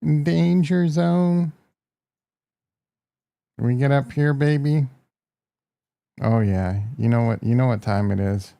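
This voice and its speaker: This Midwestern market livestream host jokes brashly as he reacts to tickers and talks to his viewers. His warm, mellow voice sits at an everyday pitch with fairly even intonation and vocal fry, moving at a moderate pace with frequent pauses.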